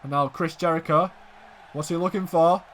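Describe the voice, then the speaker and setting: A man giving excitable play-by-play commentary on a wrestling video game, dropping to low murmurs and rising to shouted exclamations. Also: normal speed, a little hiss or hum.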